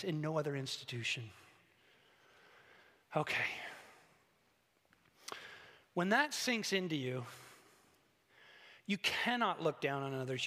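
Man, pastor, sermon, high bright voice, long hall reverb, animated preaching. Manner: animated preaching, swooping from loud highs to hushed lows.

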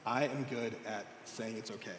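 A man's voice: mid-range voice, fairly even intonation, moderate pace, a little hiss or hum. A young man giving a sermon to a church group, telling a personal story and acting out the dialogue. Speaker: youth speaker. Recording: echoey hall with long reverb.

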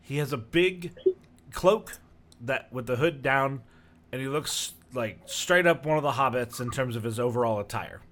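A man narrating as game master in a tabletop game, describing scenes in a relaxed, rambling way with many fillers. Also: medium pitch, normal speed.

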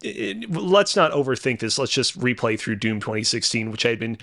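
A man co-hosting a casual podcast talks in loose, rambling stretches full of fillers and restarts. His pitch sits in the middle. The sound is close and dry, with no room echo. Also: sing-song, moderate pace, vocal fry, fairly bright tone. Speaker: podcast co-host. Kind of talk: casual chat.

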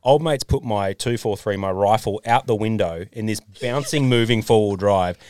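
An Australian man co-hosting a casual podcast, telling stories and doing quick impressions of people he quotes. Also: lowish voice. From North Queensland, Australia. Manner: storytelling, animated impressions of others. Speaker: podcast co-host. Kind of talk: casual chat.

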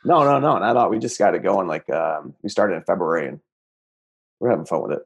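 A man's voice: low voice, expressive, fast, creaky, husky. A man chatting as a comedian guest on a podcast, easygoing, trailing off with fillers. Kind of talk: casual chat.

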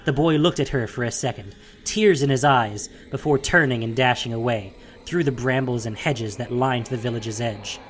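Steady dramatic audiobook narrator. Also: medium pitch, normal speed, few pauses.

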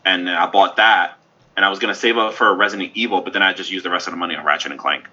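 A man co-hosting a gaming podcast, talking casually and ranting in animated asides. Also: sits low, rapid-fire, breathy edge. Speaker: podcast co-host. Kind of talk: casual chat. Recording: dull lo-fi audio.

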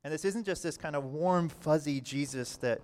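A man preaching a sermon in a conversational way, often saying "all right" and swinging between quiet and loud passages. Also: on the high side, moderate pace. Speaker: pastor.

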